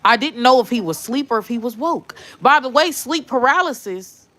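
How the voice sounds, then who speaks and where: A woman's voice: fairly high pitch, animated, a little fast, a bit bright. A woman telling a story in a casual vlog, rambling and dropping tag questions and swear words all the way through. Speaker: vlogger.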